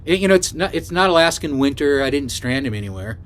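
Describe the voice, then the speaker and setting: Older man, slightly high voice, casual vlog storytelling, rambling, lots of asides. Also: lively intonation, quick pace. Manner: rambling, chatty, full of asides and "you know". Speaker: travel vlogger.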